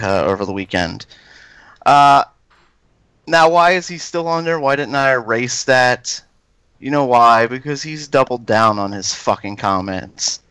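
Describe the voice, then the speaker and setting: Smooth-voiced blunt co-host, dry. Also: male voice, medium pitch, a bit bright, dry recording. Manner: blunt, sarcastic, swears. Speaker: podcast co-host. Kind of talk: casual podcast chat, reading a quote aloud.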